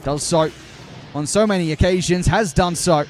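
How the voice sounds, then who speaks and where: Doing live play-by-play for an esports match, a young man with a high, slightly mellow voice calls the action at a brisk clip. He breaks off now and then to answer his chat, and there's slight background noise.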